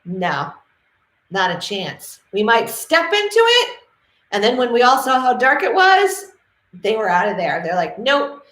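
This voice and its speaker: A middle-aged woman from New England speaks straight to camera about dogs, animated and passionate. She tells stories and briefly acts out the people in them. The room around her sounds roomy and echoey. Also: on the high side, a little slow. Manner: animated, passionate storytelling with acted quotes. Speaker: dog trainer. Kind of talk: casual talk to camera. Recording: roomy echo.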